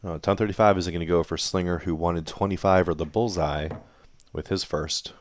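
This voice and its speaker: A man with a deep, low voice commentates on darts, calling each throw as host of a league he broadcasts from home. His delivery is playful and theatrical, with plenty of teasing about the players. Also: steady tone, moderate pace. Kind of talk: play-by-play sports commentary. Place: home laundry room. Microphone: computer broadcast setup.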